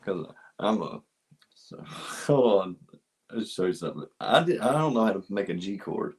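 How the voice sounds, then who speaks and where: A man's voice: on the low side, animated, normal speed, slightly rough. A man in casual, joking chat as co-host, self-mocking and swearing freely. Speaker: comedian co-host.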